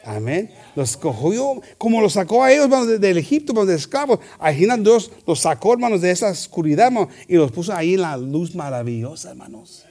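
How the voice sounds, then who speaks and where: Male pastor, bilingual sermon, slightly high voice, very lively delivery with shouted peaks. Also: fast. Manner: animated, shifts between Spanish and English, shouts for emphasis.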